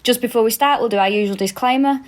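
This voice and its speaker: A woman's voice: fairly high pitch, fast talker. A woman with a Manchester accent, a podcast co-host chatting and telling stories with lots of swearing, recording remotely. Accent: Mancunian. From England. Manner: storytelling, swearing, animated. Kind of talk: casual comedic chat. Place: countryside home, recording remotely. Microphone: remote call.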